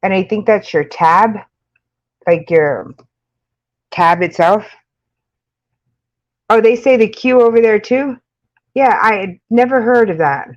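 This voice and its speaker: Slow, chatty New York woman. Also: mid-range voice, lo-fi sound. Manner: rambling, chatty, laughs often, many fillers. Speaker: makeup channel host. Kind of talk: casual live-stream chat with viewers.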